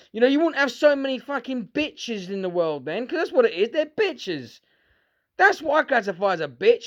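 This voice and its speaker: A man's voice: very high voice, a bit bright, muffled recording. A British man delivering an angry, sarcastic, profanity-filled rant to his viewers. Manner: sweary, sarcastic, heated. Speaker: vlogger.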